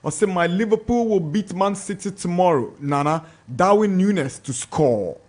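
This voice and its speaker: A man with a Ghanaian English accent, hosting a sports radio show, reads out listener messages and adds quick comments. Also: sits high, expressive, darkish tone. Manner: brisk, chatty, comments between messages. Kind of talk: reading listener messages on air.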